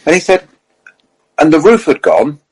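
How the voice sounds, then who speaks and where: A middle-aged man, a racing driver and co-host, telling lively anecdotes in casual chat and quoting others as he goes. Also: fairly high pitch, moderate pace, slightly rough, poor audio. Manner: lively storyteller, quotes others, self-corrects.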